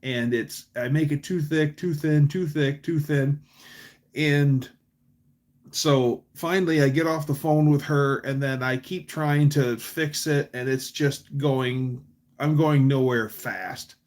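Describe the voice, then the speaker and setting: A man hosting a livestream, telling long casual stories with restarts and animated quotes. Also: fairly high pitch, slow. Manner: rambling anecdotes with restarts, quotes voices animatedly. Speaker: livestream host.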